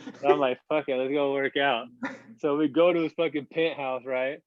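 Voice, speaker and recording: A man in his thirties, a basketball player appearing as a podcast guest, tells a long story casually, rambling, swearing and using lots of filler words. His medium-pitched voice has little pitch movement at normal speed, and the recording sounds dull, dry and lo-fi.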